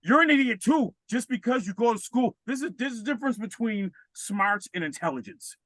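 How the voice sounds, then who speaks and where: A man puts on a whiny, self-important male pundit who rants in a shrill voice. The voice is pushed well above his own and sounds forceful and bright. It is recorded dry and close. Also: lively intonation, a little fast, no room sound, exaggerated voice. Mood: ranting.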